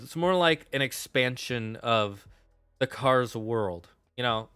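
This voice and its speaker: A young man gives casual tier-list commentary on his stream, opinionated and quick to curse when something bugs him. His voice is bright and forceful. The sound is dry and close, with faint music underneath. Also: medium pitch, dry recording. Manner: opinionated, swears while ranting.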